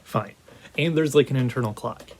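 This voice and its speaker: Animated rambling man reviewing a game. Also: mid-range voice, moderate pace, a little hiss or hum. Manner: animated, rambling, many restarts. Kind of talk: casual video game review.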